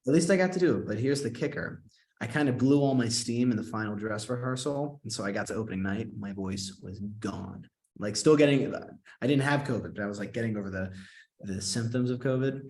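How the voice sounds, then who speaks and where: A young man who acts and sings chats as an interview guest, recounting what happened in a fairly low voice. Bursts of excitement punctuate his animated storytelling as he quotes himself and acts out how he reacted.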